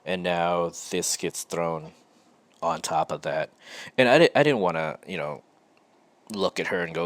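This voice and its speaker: A man hosting his own show, telling a personal story in a slow, halting and reflective way with frequent pauses. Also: low voice. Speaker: podcast host.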